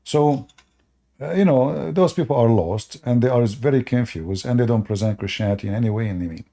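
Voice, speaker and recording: Man, blunt call-in host, dark mellow tone, repeats himself, dismissive. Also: mid-range voice, brisk, vocal fry. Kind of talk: live-stream debate talk.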